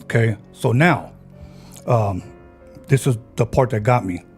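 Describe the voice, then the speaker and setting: A man's voice: mid-range voice, measured pace, a little mellow, faint music behind. A man on a podcast, casually retelling a friend's ghost story and acting out the people in it.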